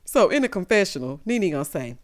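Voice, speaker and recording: A woman's voice: on the low side, sing-song, fairly quick. Sassy woman recapping reality TV. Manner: sassy, dramatic storytelling with lots of 'honey' and 'child'. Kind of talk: casual recap commentary.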